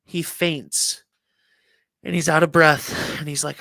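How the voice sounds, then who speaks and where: Male morning co-host, rambling talker, a touch high-pitched, dry close sound. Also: flat delivery, slow, vocal fry, sharp tone, no echo. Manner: rambling storyteller, many restarts and fillers. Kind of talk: casual morning show chat.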